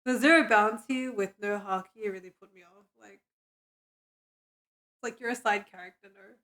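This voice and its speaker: A woman's voice: medium pitch, moderate pace, a bit bright. A woman streaming without sleep, drowsy and muttering to herself with bursts of giggling. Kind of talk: casual live-stream chatter.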